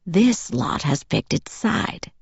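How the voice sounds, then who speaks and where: A woman voicing a smooth, affectionate ancient male vampire leader, speaking slowly and caressingly. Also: fairly low pitch, very animated, dry recording, dull audio, exaggerated voice. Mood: businesslike.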